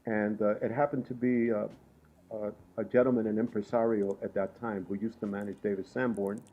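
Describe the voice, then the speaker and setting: A man from Puerto Rico, a guest musician, telling animated stories with frequent laughs. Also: lowish voice, fairly quick, phone-quality sound. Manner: lively, laughs often while telling stories. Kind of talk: animated storytelling in conversation.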